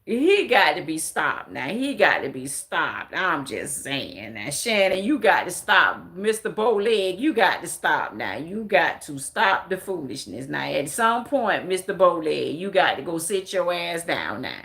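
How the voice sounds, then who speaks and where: A woman's voice: lowish voice, sing-song, a little slow, creaky, hardly any pauses, a bit bright. Blunt, profane woman ranting to viewers. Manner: talks straight to her viewers. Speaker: livestream commentator. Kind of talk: casual livestream chat.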